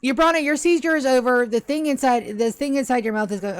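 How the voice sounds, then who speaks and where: A woman's voice: high-pitched, fast talker, hardly any pauses, clean tone, no room sound. A woman running a tabletop game as game master, narrating and chatting casually with the players and swearing now and then.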